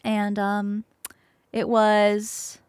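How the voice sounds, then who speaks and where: A woman streamer telling a story in casual chat, expressive, swearing casually and acting out the people she quotes. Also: medium pitch, drawn-out words, clear, resonant tone, no room sound, studio quality. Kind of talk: casual storytelling while crafting.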